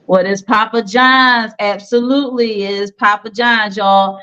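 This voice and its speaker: A woman's voice: medium pitch, steady tone, measured pace, sharp tone, smooth, highs cut off. A woman hosting a casual online quiz show, playful and teasing with the players. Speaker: game show host.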